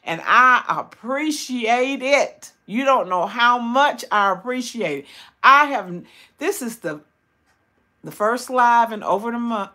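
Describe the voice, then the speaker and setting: On her YouTube channel's livestream, an older Tennessee woman with a Southern accent prays and chats with viewers while recovering from hip surgery. She repeats words for emphasis in a bright, forceful, fairly high voice.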